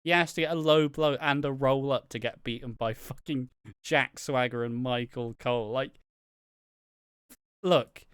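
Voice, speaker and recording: A man's voice: on the high side, clear, resonant tone, dry recording, studio quality. A man co-hosting a wrestling review podcast, chatting casually with sarcastic, sweary asides and frequent laughs. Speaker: podcast co-host.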